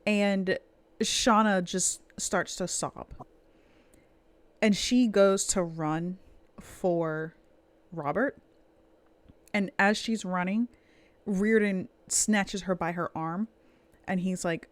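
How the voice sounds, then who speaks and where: A woman narrating a tabletop role-playing game as game master, telling the scene slowly and dramatically. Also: mid-range voice, steady tone, dry recording. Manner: slow, dramatic storytelling.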